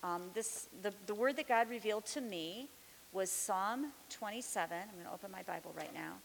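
A woman's voice: medium pitch, normal speed, gravelly. A middle-aged woman teaching the Bible, sharing a testimony with fervent, building declarations. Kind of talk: testimony during a sermon. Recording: long reverb with faint hiss.

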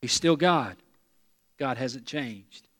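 A pastor preaches to his congregation in a church sanctuary, his medium-pitched, slightly bright voice trailing a long reverb. He speaks slowly, earnestly and emphatically, repeating key lines and leading the people in call and response.

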